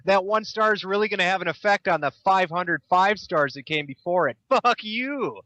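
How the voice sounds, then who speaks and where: Sarcastic taunting man, bright voice. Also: sits high, fairly even intonation, brisk, no echo, highs cut off. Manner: sarcastic, mock-agreeing, taunting. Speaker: commentator. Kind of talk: sarcastic mocking commentary.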